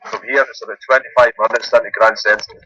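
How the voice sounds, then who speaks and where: A man's voice: lowish voice, flat delivery, fast, pushed and bright, muffled recording, slight background noise. A man calling into a phone-in, chatting casually and often adding "like" and "you know what I mean". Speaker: caller.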